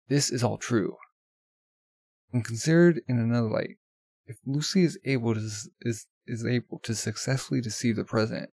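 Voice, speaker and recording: Guy reading a serious determined protector from a comic, gravelly, flat, dry sound. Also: mid-range voice, dry recording. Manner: flat read-aloud of comic dialogue.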